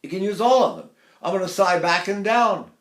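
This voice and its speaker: Older man, high voice, echoey room. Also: lively intonation, fairly quick, fairly bright tone. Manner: demonstrates by sighing and singing phrases high. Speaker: voice teacher. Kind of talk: vocal technique lesson.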